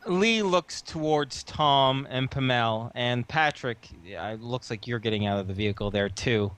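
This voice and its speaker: A man narrating as game master of a tabletop role-playing game, relaxed and full of fillers. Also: medium pitch, a little slow, clear, resonant tone.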